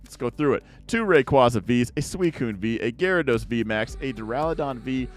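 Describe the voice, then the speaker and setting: A young man chatting casually to viewers as he opens card packs, rambling along and now and then breaking into excited outbursts. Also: mid-range voice, a little fast, faint music behind. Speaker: card-opening YouTuber. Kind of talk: casual pack-opening chat to viewers.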